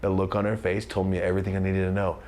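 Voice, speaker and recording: A young man telling a comedic story time, animated and acting out the voices of the people in it. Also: low-pitched, fast talker, slight background noise. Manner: animated, acts out quoted voices.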